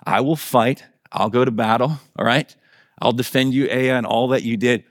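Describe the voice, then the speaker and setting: A man's voice: mid-range voice, steady tone, moderate pace, no room sound, clean studio sound, close to an everyday voice. A male pastor voicing a boastful male war god who claims kingship, in his own everyday voice.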